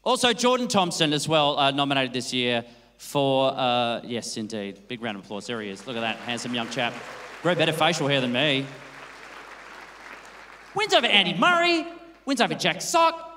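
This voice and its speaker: Man, awards-night MC, quick crowd banter, bright voice, long hall reverb. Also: medium pitch, a little hiss or hum. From Australia. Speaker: master of ceremonies. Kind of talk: comic awards-night hosting. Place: large hall.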